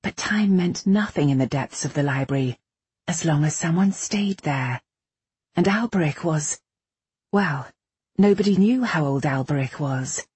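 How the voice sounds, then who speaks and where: A woman narrating a fantasy audiobook in a measured, even storytelling manner. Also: low-pitched, husky, no room sound.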